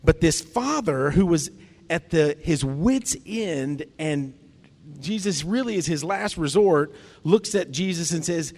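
Male pastor, conversational sermon, animated delivery, reverberant hall. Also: on the high side, unhurried. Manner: conversational, acts out quoted lines with feeling.

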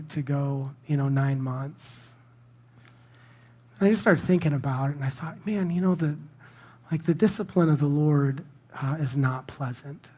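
A man's voice: a little high, a little mellow. A man preaching a sermon in a conversational, self-deprecating storytelling manner. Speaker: pastor.

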